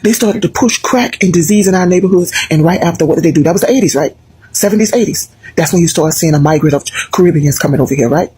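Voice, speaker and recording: Husky-voiced American woman commentator. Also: lowish voice, quick pace, no room sound. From United States. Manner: animated, emphatic, mocking asides. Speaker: video commentator. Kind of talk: casual opinion commentary.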